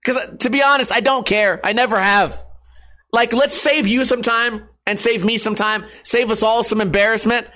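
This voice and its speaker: A man's voice: extremely high pitch, steady tone, moderate pace, bright, forceful tone. A young man skateboarder ranting to his viewers in a sarcastic, profane, self-mocking way. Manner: sarcastic, profane, laughing at himself. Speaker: skateboarder and online streamer. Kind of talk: casual rant to viewers.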